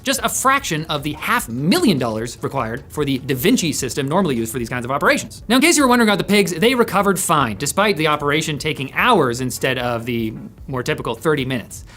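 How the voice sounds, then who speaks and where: A woman's voice: sits low, a bit bright. A woman presenting scripted tech news in a sarcastic, playful way.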